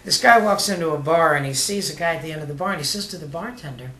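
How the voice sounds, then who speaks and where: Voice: mid-range voice, fast talker, heavy background noise. A joke teller telling rambling jokes casually, with fillers and asides. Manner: shaggy-dog pacing with fillers and asides. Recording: echoey room.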